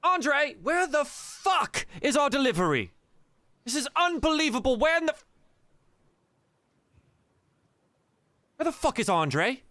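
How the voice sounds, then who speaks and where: A man's voice: very high-pitched, very animated, normal speed, sharp tone, dry recording, pitched above the performer's own voice, heavily acted. A man voicing a brash, foul-mouthed woman messenger who curses, panics and repeats herself. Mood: angry. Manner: cursing, frantic, repeating herself.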